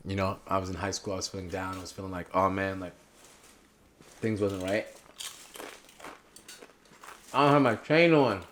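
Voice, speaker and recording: A young man talks as a podcast guest in an animated, rambling way, drifting off on tangents as he goes. His voice is low-pitched but bright and ringing, and his level swings up when he gets excited. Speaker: podcast guest, political candidate. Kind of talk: casual interview chat.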